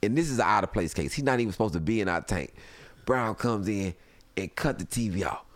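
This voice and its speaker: A man telling a funny story in casual chat, animated and laughing often, acting out other people's voices. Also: lowish voice, fairly quick, no room sound. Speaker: comedian guest. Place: home studio.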